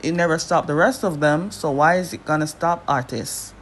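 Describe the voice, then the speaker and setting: A woman giving casual reaction commentary on a drama trailer, chatty and sassy, talking straight to the characters, with big jumps in pitch for emphasis. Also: normal speed. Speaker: drama trailer recap vlogger.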